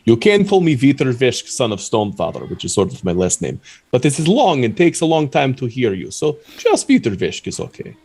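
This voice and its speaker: A man's voice: medium pitch, wildly swooping pitch, brisk, hardly any pauses, darkish tone. A man playing a proud, earnest stoneborne cleric who talks formally in slightly broken grammar. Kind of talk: tabletop role-play in character.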